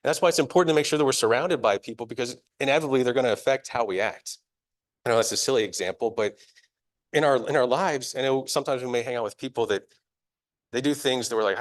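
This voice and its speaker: A man's voice: medium pitch, fast talker. Young man preaching a casual sermon. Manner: casual, self-deprecating and chatty, laughing at himself. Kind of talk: conversational sermon. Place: church sanctuary, live.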